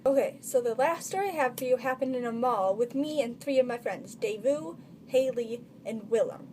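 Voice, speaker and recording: A woman's voice: a little high, moderate pace, darkish tone, a little hiss or hum. A teenage girl telling funny stories in a casual vlog, chatty and full of filler words. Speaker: vlogger.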